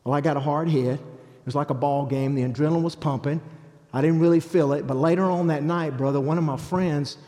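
A middle-aged man preaching a testimony, telling his story in an animated way and acting out what people said. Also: on the high side, brisk, big-room sound. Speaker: evangelist.

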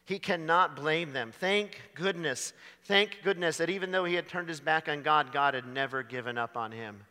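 Bright-voiced preacher in a reverberant hall. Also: male voice, on the high side, moderate pace. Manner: dramatic, swings from loud to hushed. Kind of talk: sermon.

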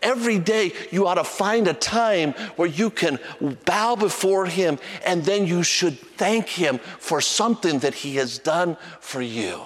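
A man preaching a sermon as pastor, animated and repeating himself with restarts, at times singing a hymn softly. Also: sits high, measured pace, few pauses, big-room sound. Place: church sanctuary with long reverb.

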